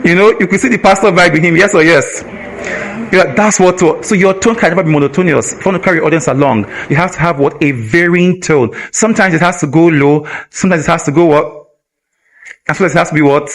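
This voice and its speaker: Nigerian-accented male trainer, energetic, quizzing a live audience, fairly high voice. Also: quick pace. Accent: Nigerian English. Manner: energetic, asks the audience rhetorical questions. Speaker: communication trainer. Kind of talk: live workshop teaching. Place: event hall with a live audience.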